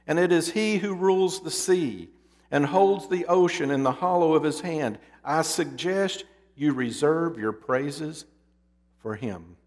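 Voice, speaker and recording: A man's voice: mid-range voice, close to an everyday voice. A man reading as a stern wise old king. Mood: solemn. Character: wise, weary old king scolding the sea. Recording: long hall reverb.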